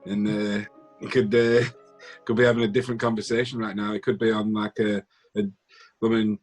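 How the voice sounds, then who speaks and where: Husky wisecracking man. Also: fairly low pitch, little pitch movement, brisk, faint music behind. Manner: wisecracking interjections. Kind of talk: casual podcast banter.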